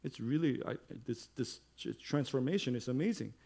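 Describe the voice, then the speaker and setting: Middle-aged male pastor, conversational sermon that swells into loud emphatic preaching, mid-pitched voice. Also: animated, moderate pace, gravelly.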